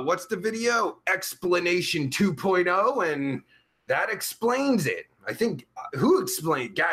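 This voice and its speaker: A man's voice: sits high, bright, forceful tone, full character voice. A man playing a crude, vulgar livestream host who rambles profanely while reading out chat. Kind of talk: live chat comedy stream.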